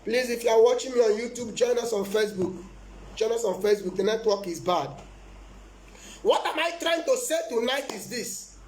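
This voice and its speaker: A man's voice: very high voice, expressive, normal speed, echoey room, a little hiss or hum. A man preaching as a prophet in a live-streamed sermon, emphatic and repetitive, often breaking into laughter.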